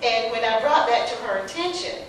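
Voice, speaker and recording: An older woman with a Southern accent, telling lively stories on a panel, acting out the dialogue and laughing often. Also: on the high side, fairly quick. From North Carolina. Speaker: panelist, former teacher. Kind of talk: personal storytelling on a panel. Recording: very echoey distant hall recording with background noise.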